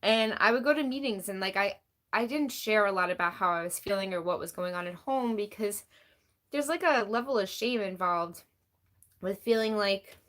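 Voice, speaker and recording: Speaking at a moderate pace in a mid-range voice with a bit of brightness, a woman chats casually on a live stream. Her talk is candid and meandering, packed with "like," and she responds to chat comments along the way.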